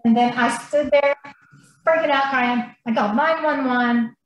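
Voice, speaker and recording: A woman on a podcast telling a story in an animated, blunt manner and swearing freely. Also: sits high, a little slow. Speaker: podcast guest. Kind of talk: casual storytelling. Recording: very echoey room, faint noise.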